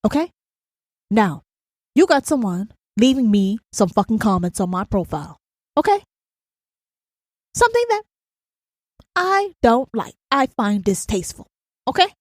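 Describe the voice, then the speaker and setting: A woman's voice: fairly high pitch, sing-song, a little slow, long pauses, darkish tone, no echo, clean studio sound. A woman hosting a podcast, ranting in a blunt, profane, emphatic monologue and often asking if the listener understands. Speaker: podcast host.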